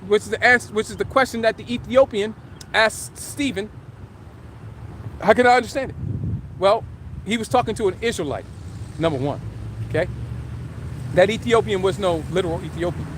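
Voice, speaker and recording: A man with a strikingly high voice preaches a live religious teaching. He talks emphatically, fires rhetorical questions and stretches and shouts the scripture he reads. Faint traffic hums behind him. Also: normal speed, pauses often. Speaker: street preacher.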